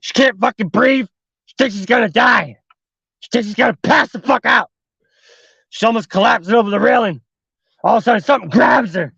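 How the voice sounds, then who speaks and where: Gravelly man swearing through a horror tale. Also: extremely high pitch, a little fast, long pauses, a bit bright, no room sound, muffled recording. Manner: heavy swearing, fillers like "like". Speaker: podcast host. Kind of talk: casual horror storytelling.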